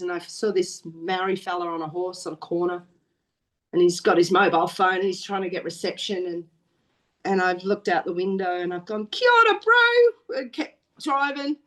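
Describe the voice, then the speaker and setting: Woman, Australian accent, middle-aged, interview guest, chatty, rambling storyteller. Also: low-pitched. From Wales. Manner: rambling and chatty, with frequent restarts and laughs. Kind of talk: casual storytelling chat.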